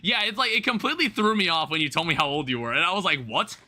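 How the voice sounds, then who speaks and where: A man's voice: fairly high pitch, very animated, racing, bright, forceful tone. A young man rambling through casual live-stream chat, swearing offhandedly as he talks to viewers from home. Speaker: livestreamer.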